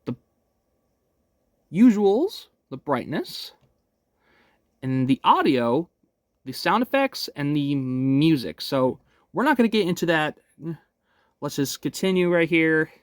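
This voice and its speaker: A young man narrates a game walkthrough in an easy, upbeat manner, describing each step as he goes. His pitch swings up and down freely as he talks. He sounds relaxed and casual, as if chatting with viewers from home. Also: slow pace, long pauses, no echo, clean studio sound. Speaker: gaming channel host.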